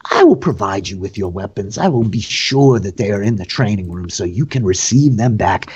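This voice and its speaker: A man voicing a courteous but menacing male noble official, speaking in a smooth, mock-gracious manner. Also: on the low side, lively intonation, moderate pace, darkish tone, muffled recording.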